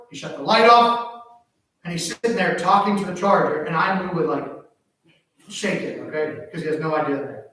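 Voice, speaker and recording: A high-voiced man preaching a sermon in a church, his voice ringing through a very echoey hall. He sounds like he is standing well away from the mic. He tells stories with animated swings between hushed asides and loud exclamations. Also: distant mic. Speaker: pastor. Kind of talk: sermon with personal story. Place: church sanctuary.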